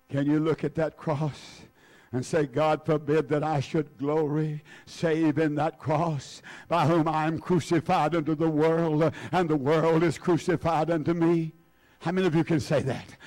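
High-voiced fervent preacher man. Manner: fervent preaching, repeating words for emphasis; calls on the congregation by name. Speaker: pastor. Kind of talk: sermon.

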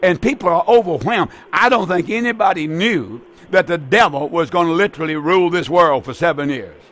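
A man's voice: on the high side, lively intonation, a little fast, fairly bright tone. An older man, preaching urgently on the radio and taking calls, repeating and pleading. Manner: fervent, urgent, repetitive pleading. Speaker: radio preacher and call-in host. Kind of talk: evangelistic radio preaching with call-in.

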